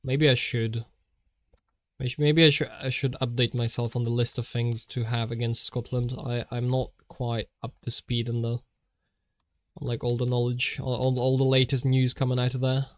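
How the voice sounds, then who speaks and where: A man's voice: mid-range voice, little pitch movement, normal speed, no room sound. A man streaming while he draws, rambling in a jokey way and often laughing.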